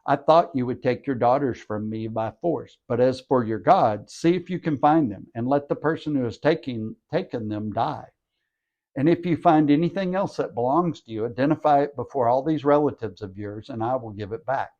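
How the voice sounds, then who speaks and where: A man's voice: mid-range voice, normal speed, dull audio, close to an everyday voice. A man reading the part of a herdsman protesting years of unfair treatment, in an earnest way. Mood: aggrieved. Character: aggrieved man defending his long labor.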